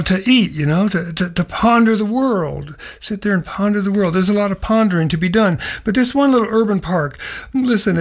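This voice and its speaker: Middle-aged male host, folksy and meandering, chuckles through his own stories. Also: sits high. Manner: rambling, folksy, chuckling asides. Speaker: radio show host. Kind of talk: casual spoken nature segment.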